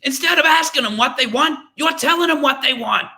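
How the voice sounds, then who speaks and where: A man doing an impression of a rich male car company boss shouting at his staff, his voice pushed far above his own. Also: brisk, full character voice. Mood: scolding. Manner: high-pitched, shouted impression.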